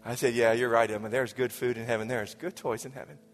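A pastor in his forties preaching a sermon, moving between raised passages and hushed, whispered lines. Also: mid-range voice, steady tone, fast. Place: church sanctuary. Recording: church hall reverb with soft music.

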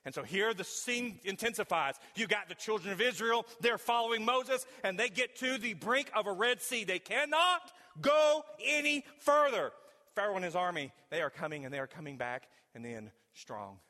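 A man preaching a sermon in a church, telling a story dramatically and swinging between loud and hushed delivery. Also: sits high, lively intonation, a little fast, hardly any pauses. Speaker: pastor. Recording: long hall reverb.

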